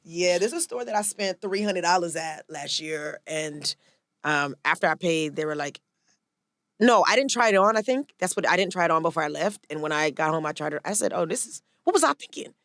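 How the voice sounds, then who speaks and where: A woman's voice: low-pitched, fairly bright tone, no room sound, clean studio sound. A woman co-hosting a casual podcast chat, riffing with jokes on her co-host's stories. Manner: quick with jokes, riffs on the other host's story. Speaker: podcast co-host.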